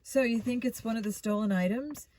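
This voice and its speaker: A woman's voice: fairly high pitch, fairly quick, a little mellow, voice pushed up, close to an everyday voice. A woman voicing a breezy, easygoing teenage boy detective in a storybook reading.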